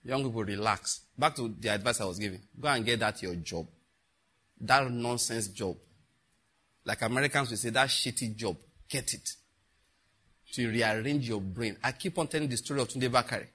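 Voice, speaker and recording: A man's voice: medium pitch, moderate pace, breathy edge. A middle-aged man from Nigeria telling funny stories and giving advice to young people, often breaking into laughter. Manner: laughing often, lively storyteller, preachy asides. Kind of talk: animated storytelling talk.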